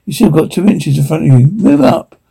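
Brief: male reader, husky and dark-toned, voices all roles and reads the cues aloud. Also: fairly high pitch, quick pace, poor audio. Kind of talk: reading out film scenes, all parts.

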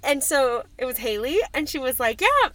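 A woman's voice: high voice, sing-song, normal speed, fairly bright tone. A woman co-hosting a casual podcast from a parked van, giggly and storytelling, with lots of "like". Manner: giggly, storytelling, says "like" a lot. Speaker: podcast co-host. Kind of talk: casual chat.

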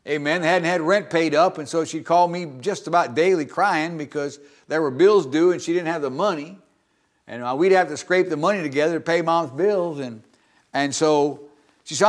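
A middle-aged man gives a sermon testimony from the pulpit of a church. His voice sits slightly high for a man, and he talks in a folksy, conversational way, often pausing to ask for an amen. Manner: folksy, calls for amens. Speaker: preacher.

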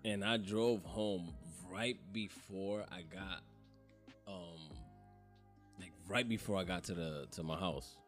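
A man telling a story in casual chat, loud and laughing, swearing a lot with slang, from South Florida. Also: low voice, slow pace, faint music behind.

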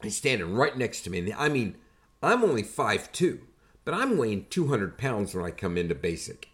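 An older man hosting a podcast, casually telling army stories in an animated, conversational way and building up to punchlines. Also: lowish voice, normal speed. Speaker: podcast host and army veteran. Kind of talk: casual storytelling.

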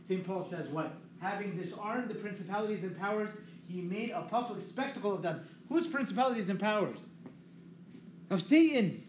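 High-voiced priest in an echoey hall. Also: male voice, normal speed. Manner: lively, asks the audience questions and answers them. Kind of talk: teaching sermon. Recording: echoey room, dull lo-fi sound, faint hiss.

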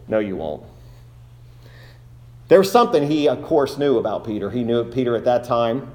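A man's voice: medium pitch, a little mellow. A man preaching a sermon as pastor, earnest, reading scripture aloud in old King James wording.

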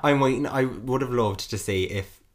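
A young man co-hosting a podcast, playful and quick to react with mock disgust. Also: mid-range voice. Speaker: podcast co-host. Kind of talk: casual chat.

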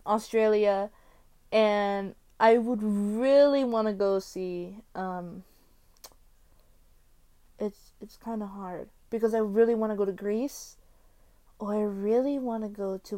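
A woman from the United States hosting her own podcast in a casual solo chat, rambling and excitable as she jumps between topics with many fillers. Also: a little high. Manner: swings between loud exclamations and quiet mumbling. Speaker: podcast host.

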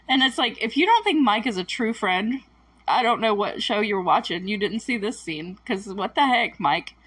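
A woman's voice: mid-range voice, lively intonation, fairly quick, fairly bright tone, breathy edge, dry recording, distant mic, rough recording. A woman casually recapping a TV episode, laughing often and acting out the characters' lines. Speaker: recap host.

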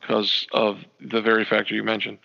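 A man's voice: lowish voice, normal speed, creaky. A man co-hosting a casual podcast, laughing often and acting out what people said. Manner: laughing, animated, acts out quotes. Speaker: podcast co-host. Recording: dull lo-fi sound.

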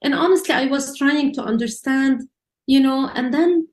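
A woman's voice: sits high, moderate pace, a little mellow, reverberant. Earnest woman. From Lebanon. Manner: earnest, emotional storytelling with restarts and rising emphasis. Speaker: church leader. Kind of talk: personal testimony talk.

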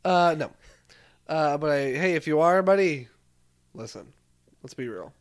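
Animated young podcast co-host, man. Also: on the high side, measured pace. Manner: animated, swearing, jokey. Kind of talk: casual chat.

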